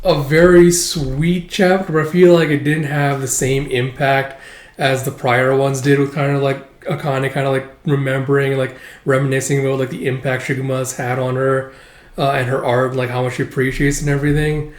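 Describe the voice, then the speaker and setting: A man's voice: mid-range voice, level tone, moderate pace. Casual guy reviewing a comic, lots of likes and uhs, roomy sound. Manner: rambling, lots of filler words. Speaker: manga reviewer. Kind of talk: casual chat reading a comic. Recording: roomy echo.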